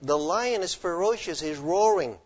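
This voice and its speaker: A man's voice: high voice, animated, moderate pace, slightly rough. A male pastor preaching a sermon emphatically, often quizzing his listeners with questions. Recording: dull lo-fi recording.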